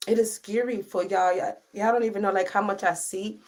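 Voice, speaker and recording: A woman with a mid-range voice and steady tone talks briskly while hosting a live stream and reading comments. Close to tears, she lectures her viewers with emotional, impassioned intensity.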